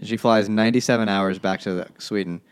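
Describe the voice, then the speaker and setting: A man's voice: on the low side, steady tone, brisk, clear, resonant tone. A man recapping a book in a casual podcast chat, with wry asides. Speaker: podcast co-host.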